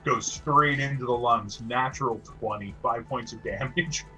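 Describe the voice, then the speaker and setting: A man's voice: mid-range voice, unhurried, bright, forceful tone, soft background music. A man narrating as game master of a tabletop game, often stumbling and repeating words as he describes the action.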